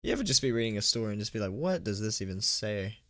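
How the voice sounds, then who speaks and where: A man's voice: on the low side, very animated, quick pace, fairly bright tone, no echo. A man reading a horror story live on stream, tripping over words, laughing at his own mistakes and chatting with donors. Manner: stumbling, self-mocking, laughing at his own slips; chatty, thanks donors between passages. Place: at home.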